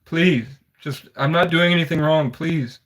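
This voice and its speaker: A man voicing a scrawny, frightened teenage boy who softly begs to be left alone. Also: on the high side, unhurried. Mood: pleading. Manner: soft, begging.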